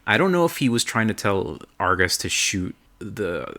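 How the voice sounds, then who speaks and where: A man co-hosting a podcast, excitedly recapping a game in a rambling, casual way and swearing freely. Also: fairly low pitch, moderate pace. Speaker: podcast co-host.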